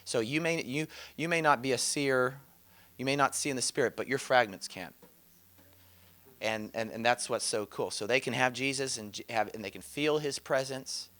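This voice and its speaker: A man with a bright, forward voice teaches about inner healing in a relaxed, conversational way. He tells animated stories, quotes other people, and laughs often as he goes. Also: medium pitch, moderate pace.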